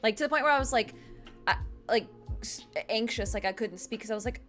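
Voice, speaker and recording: A woman from Michigan in casual chat, halting with many restarts and trailing phrases. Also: on the high side, a bit bright, soft background music. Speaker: co-host.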